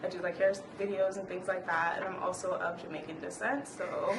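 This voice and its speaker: A woman chatting as a guest, animated and giggly, a little unsure of herself. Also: fairly low pitch, fairly quick. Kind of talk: casual chat. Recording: echoey room, faint noise.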